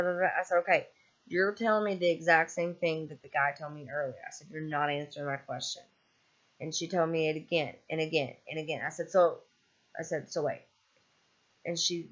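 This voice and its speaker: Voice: medium pitch, fairly bright tone. A vlogger venting in an angry, exasperated rant with a lot of swearing, sounding weary and fed up. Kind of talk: casual venting monologue. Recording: dull lo-fi recording.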